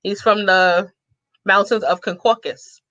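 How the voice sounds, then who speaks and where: Sassy, bright-voiced woman in her thirties. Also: mid-range voice, measured pace, no echo, muffled recording. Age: 30s. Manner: sassy, animated, laughs often. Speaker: vlogger. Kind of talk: casual storytelling to viewers.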